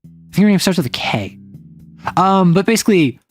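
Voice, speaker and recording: A woman's voice: lowish voice, expressive, normal speed, soft background music. A woman streamer chatting casually about romance stories, rambling with lots of fillers and briefly acting out quoted lines.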